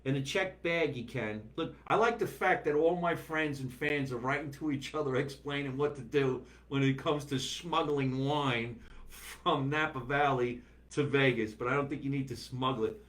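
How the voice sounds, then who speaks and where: A man hosting a live stream from his basement, chatting loosely, reading viewer comments and riffing with animated bursts. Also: mid-range voice, moderate pace. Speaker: podcast host. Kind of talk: casual live-stream chat. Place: home basement.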